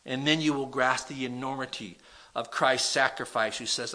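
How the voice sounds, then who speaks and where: A man pastor preaching an impassioned sermon in a church, swinging from loud appeals to hushed prayer. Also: mid-range voice, steady tone, moderate pace.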